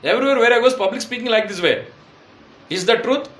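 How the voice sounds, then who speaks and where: An Indian man with an Indian English accent speaks a personal testimonial in a high, strained register. He pleads urgently and keeps circling back to repeat his words. His voice rings around an echoey room. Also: fast talker, a bit bright.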